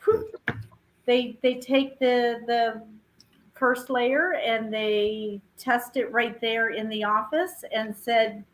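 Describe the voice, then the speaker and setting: Chatty woman with a slightly high voice. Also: fairly even intonation, slow, poor audio. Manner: chatty storyteller, acts out quotes. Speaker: show regular. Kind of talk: casual chat. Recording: faint background noise.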